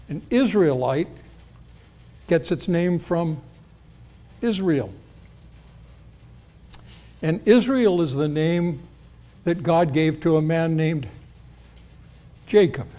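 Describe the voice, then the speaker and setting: A man preaching an expository sermon in a conversational way, acting out the quoted lines. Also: dark tone. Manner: conversational, acts out quotes with rising pitch.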